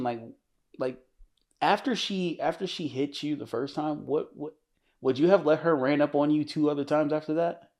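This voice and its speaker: A man's voice: fairly high pitch, moderate pace, darkish tone. Man rambling through a story. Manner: rambling, many restarts, acts out quotes. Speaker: podcast co-host. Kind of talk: casual storytelling chat.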